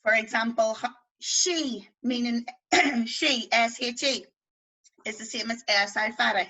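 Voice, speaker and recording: A woman with a West Belfast accent leads a beginners' language class over a video call. Her voice sits a little high and rings very bright. She talks in a chatty, playful way and draws out vowel sounds to demonstrate them. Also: a little slow, poor audio. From Northern Ireland. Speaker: Irish language teacher.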